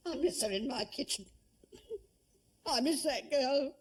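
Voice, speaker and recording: Husky, tearful cook. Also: female voice, sits high, animated, unhurried, exaggerated voice. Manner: defensive, then tearful and heartfelt. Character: proud touchy older female household cook. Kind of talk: period television drama.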